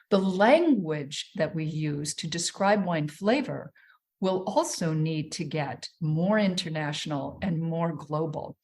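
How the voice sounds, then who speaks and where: A woman's voice: lowish voice, a little mellow. A woman guest on a wine podcast, talking thoughtfully with many fillers and restarts. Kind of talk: casual podcast interview.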